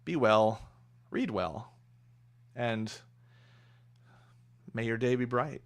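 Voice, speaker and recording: Young guy wrapping up a book stream, halting and full of uhs, mid-range voice. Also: mid-range voice. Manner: hesitant, many fillers and restarts. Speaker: streamer reading a book aloud. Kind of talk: casual livestream chat.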